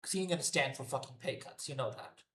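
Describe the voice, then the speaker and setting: A man's voice: medium pitch, fast talker, pushed and bright, roomy sound, slight background noise. A man giving an unscripted, profane and exasperated solo rant reviewing a wrestling show.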